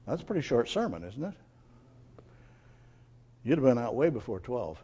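A man preaching a sermon, swinging between loud, emphatic lines and quiet, confiding asides. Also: mid-range voice, big pitch swings, moderate pace, slightly rough. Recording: dull lo-fi sermon recording.

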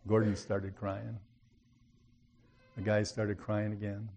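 A man's voice: fairly low pitch, monotone, slow pace, gravelly, a little mellow, slight background noise. A man preaching a sermon, telling a story in a folksy, earnest way and rising to emphatic appeals.

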